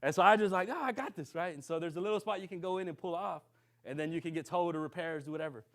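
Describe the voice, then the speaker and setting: A man preaching to a congregation. He tells a story with lively, acted-out dialogue and keeps checking in with his listeners. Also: fairly high pitch, racing. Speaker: minister. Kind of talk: sermon storytelling.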